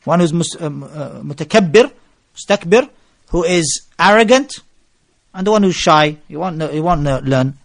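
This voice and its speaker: Guy preaching, high voice, animated storytelling, throws in phrases. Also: moderate pace, creaky, no echo, studio quality. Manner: mixes Arabic phrases into English, animated storytelling. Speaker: Islamic preacher. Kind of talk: lecture to a gathering.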